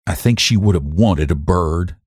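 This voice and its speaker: A man's voice: sits low, normal speed, a little mellow, breathy edge, no echo, studio quality. A man doing a folksy farm wife. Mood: wistful. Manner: homespun, folksy speech. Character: plain-spoken rural farm wife, middle-aged.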